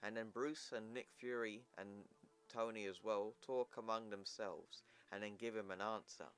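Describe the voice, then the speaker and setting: A man's voice: on the low side, fairly even intonation, measured pace, a bit bright, smooth, soft background music. A man casually retelling a comic book story in slangy, offhand narration for his video channel. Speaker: comic book recap YouTuber.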